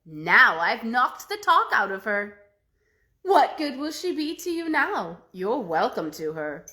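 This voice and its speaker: A woman voicing a spiteful, furious male fairy who shouts scornful curses in a storybook tale. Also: fairly high pitch, big pitch swings, slow pace, full character voice. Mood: cruel.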